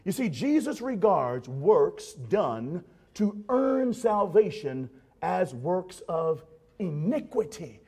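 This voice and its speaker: A man's voice: sits high, very animated, takes it slowly, darkish tone, husky. A man preaching a sermon in an emphatic, dramatic way, addressing the congregation directly.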